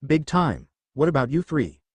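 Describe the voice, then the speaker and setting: A man's voice: fairly high pitch, big pitch swings, moderate pace, darkish tone, husky, no room sound. A man voicing a stern young male ninja medic who talks bluntly and scolds. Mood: casual.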